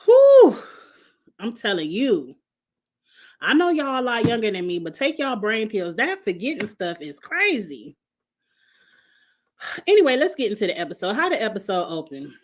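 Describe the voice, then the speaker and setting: A woman's voice: medium pitch, sing-song, moderate pace, long pauses. A middle-aged woman recapping a reality show in casual chat, blunt and sassy, laughing at her own jokes.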